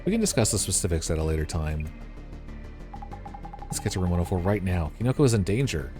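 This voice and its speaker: A cool, blunt woman detective states things flatly and calmly, as a man reads her out. The voice stays on the low side. Faint game music runs in the background. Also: quick pace.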